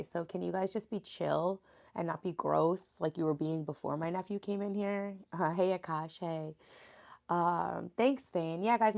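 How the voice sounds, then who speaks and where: Just awake and still sleepy, a New York woman in her thirties chats casually with live-stream viewers from her bedroom. Her raspy voice sits fairly low and a little mellow, and she reads the chat aloud, greeting people by name.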